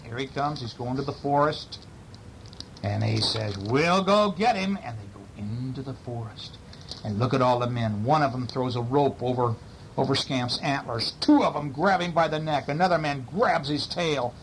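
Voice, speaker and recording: A man's voice: mid-range voice, normal speed, a little hiss or hum, low-quality recording. A man reads a picture-book story aloud to a child at bedtime. He breaks off for chatty, casual remarks to the listener. His voice sits in a mid range. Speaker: parent reading to a child.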